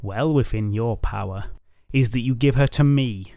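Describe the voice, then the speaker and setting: A man's voice: medium pitch, normal speed, vocal fry, dark tone, no echo, natural voice. A man voicing a smirking villainous suitor who gloats in an oily, leering way, on a dry close mic. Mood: gloating. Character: smug villainous suitor with a triumphant leer.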